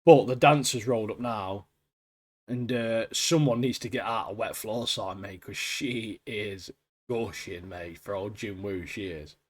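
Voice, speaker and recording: Excitable man, says mate a lot. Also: lowish voice, unhurried. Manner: excitable, says "mate" constantly, trails off quietly at phrase ends. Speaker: podcast co-host. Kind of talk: casual chat.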